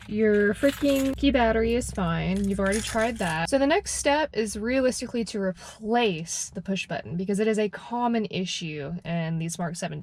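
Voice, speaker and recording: A woman's voice: mid-range voice, darkish tone, no room sound. A young woman giving a casual, playful how-to tutorial from inside a car, chatting to the viewer and to the part she is fixing. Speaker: car repair vlogger.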